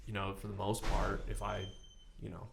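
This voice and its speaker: A man's voice: low voice, completely flat delivery, normal speed, creaky, noisy background. A man as a podcast guest in casual chat, rambling with fillers, swearing and laughing.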